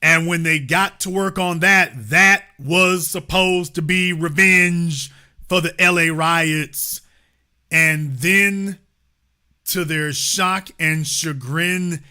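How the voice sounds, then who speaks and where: Male host, high and forceful, emphatic and repetitive delivery, impassioned commentary. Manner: emphatic, repeats phrases for effect.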